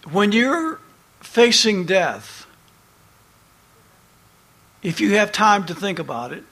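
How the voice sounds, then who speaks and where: Slow, high-voiced preaching man. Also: big pitch swings, creaky, bright, forceful tone. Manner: slow, emphatic preaching, reading scripture aloud. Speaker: pastor. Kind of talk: sermon.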